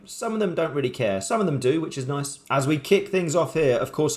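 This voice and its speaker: A man narrating his football management save from his room at home, sounding casual and excitable. He calls the match like a commentator, lurching between hope and panic, with a voice of ordinary middle pitch. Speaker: gaming YouTuber playing a football management game. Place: home room with shelves and a cushion.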